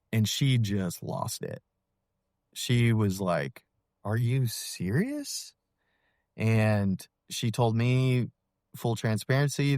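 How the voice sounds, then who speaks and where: Podcast guest, man, thirties, low voice, candid and halting, dry studio sound. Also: a little mellow, dry recording. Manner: earnest, halting, many fillers and restarts. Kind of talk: personal testimony in an interview.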